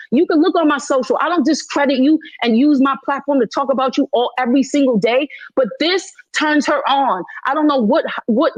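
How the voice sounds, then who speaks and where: A woman's voice: high-pitched, no room sound. A woman of Haitian heritage, probably in her thirties, talking heatedly in an audio chat room, emphatic and repeating herself as she defends her side. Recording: dry, slightly dull phone audio.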